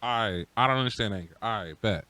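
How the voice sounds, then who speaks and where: A man co-hosting a podcast, ranting in a profane, slangy, animated way during casual chat. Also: lowish voice, fast, dry recording. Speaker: podcast co-host.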